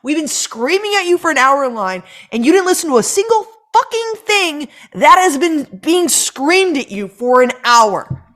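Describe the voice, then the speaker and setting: A woman's voice: high voice, sing-song, normal speed, fairly bright tone. A woman co-hosting a roundtable podcast, ranting in a profane, exasperated way. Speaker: podcast co-host. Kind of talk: roundtable chat.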